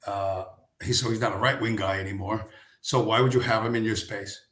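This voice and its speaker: A man's voice: lowish voice, fairly even intonation, fairly quick, fairly bright tone. Sarcastic, swearing man in a roomy space. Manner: profane, sarcastic, full of rhetorical questions. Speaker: live stream host. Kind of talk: casual ranting commentary.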